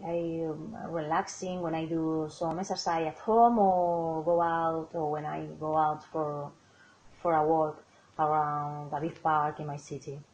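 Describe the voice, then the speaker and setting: A woman with a Spanish accent speaks English slowly and haltingly, filling gaps with "uh" and "um". Her voice is low. The recording is a dull, lo-fi voice message with a faint hiss behind it. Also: fairly even intonation, darkish tone. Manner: hesitant, many fillers. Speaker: English learner. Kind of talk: recorded practice answer.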